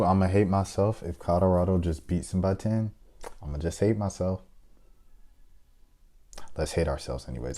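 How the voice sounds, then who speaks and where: Picking his basketball bracket, this young sports video host speaks at a normal speed in a low, mellow voice. The chat is casual and relaxed: he reasons aloud, hesitates with fillers, and tosses out playful shout-outs.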